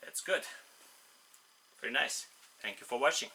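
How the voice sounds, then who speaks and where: A man's voice: mid-range voice, lively intonation, moderate pace. A man testing an air rifle, reading out velocity numbers in short bursts and chatting casually between shots. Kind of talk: casual commentary while test shooting. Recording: roomy echo with clear background noise.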